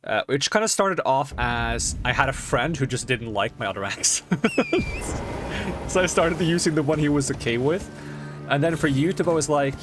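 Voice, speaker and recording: A man's voice: mid-range voice, normal speed. A young man casually chatting while he plays and streams a game, rambling from thought to thought and laughing often. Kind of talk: casual chat while playing. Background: game music.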